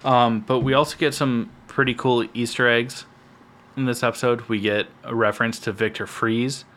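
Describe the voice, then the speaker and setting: A man's voice: medium pitch, level tone, moderate pace, a bit bright. A young man co-hosting a podcast, chatting casually about a TV episode in a meandering way that often trails off mid-sentence. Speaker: podcast co-host. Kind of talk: casual chat reviewing a TV episode.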